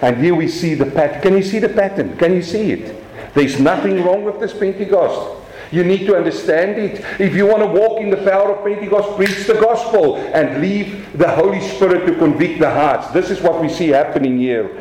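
A man with a South African accent preaching a lively sermon from the pulpit. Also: sits high, moderate pace, echoey room, poor audio. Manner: animated preaching, swings from quiet to raised. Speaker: pastor.

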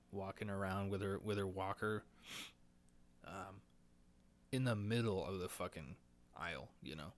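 A young man hosting a solo podcast, rambling crude and profane, nervous and a bit short of breath, laughing at his own jokes. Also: lowish voice. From United States. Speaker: podcast host. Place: indoors, talking alone into a mic.

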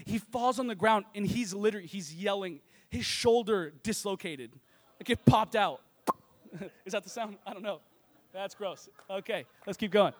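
A man preaching a lively sermon to a congregation, telling funny stories. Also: very high-pitched. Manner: energetic, joking storyteller. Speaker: pastor. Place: church service with congregation.

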